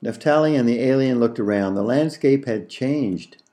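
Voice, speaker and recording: A man narrating an audiobook story in a slow, measured reading. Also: mid-range voice, dark tone.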